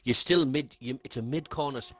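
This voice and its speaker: A man's voice: medium pitch, fairly quick, faint music behind. A man co-commentating a sim race. He banters with the host and explains the track. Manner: banters and teases, explains the corners. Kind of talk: casual sim racing commentary.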